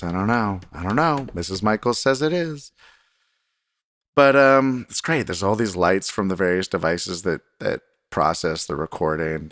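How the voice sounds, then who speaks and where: A man's voice: sits low, a bit bright, no room sound, clean studio sound. A man hosting his own podcast alone at his desk at home, talking in a rambling, self-deprecating way. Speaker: podcast host. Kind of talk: casual solo podcast monologue. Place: desk in a home recording room.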